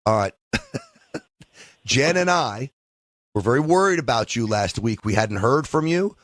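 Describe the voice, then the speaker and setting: A man's voice: medium pitch, lively intonation, a little slow, dry recording, studio quality. A man hosting a call-in talk radio show, teasing his callers in a jokey way and laughing often. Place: radio studio. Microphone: studio microphone.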